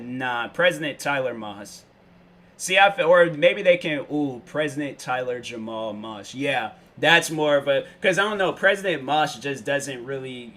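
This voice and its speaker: Rambling young man, bright forceful voice. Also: mid-range voice. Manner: rambling, slangy, loses his train of thought. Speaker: show host. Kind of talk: casual solo vlog monologue.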